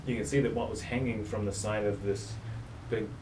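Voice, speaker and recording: A man's voice: on the low side, fairly even intonation, a little fast. A man narrating a tabletop game as game master in a loose, meandering way. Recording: roomy, far from mic, noisy.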